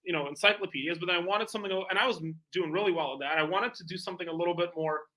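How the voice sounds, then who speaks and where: A man who is a guest in an interview, a tailor and entrepreneur telling sales anecdotes in a lively way, full of "like" and "you know". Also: high voice, very fast, rough recording. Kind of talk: animated storytelling in conversation.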